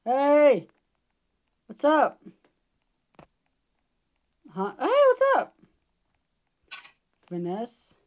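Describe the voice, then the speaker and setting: A woman's voice: high-pitched, wildly swooping pitch, drawn-out words, long pauses. A woman gamer giving live gaming commentary, jumpy, swearing and shrieking at scares, on a slightly dull lo-fi mic.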